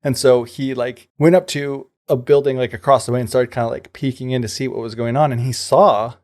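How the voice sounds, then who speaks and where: A man's voice: mid-range voice, fairly even intonation, a little fast, darkish tone. A man co-hosting a podcast, casually retelling a folk tale in a loose, chatty way, full of fillers and paraphrased dialogue. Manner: loose storytelling peppered with fillers and paraphrased quotes. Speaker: podcast co-host.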